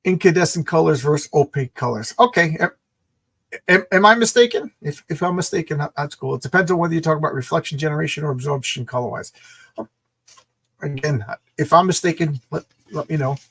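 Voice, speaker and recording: A man's voice: a little high, fairly quick, gravelly, a bit bright, breathy edge. A man hosting a casual comic book show, enthusiastically reading and rambling over old panels. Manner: enthusiastic, rambling, laughs and restarts often.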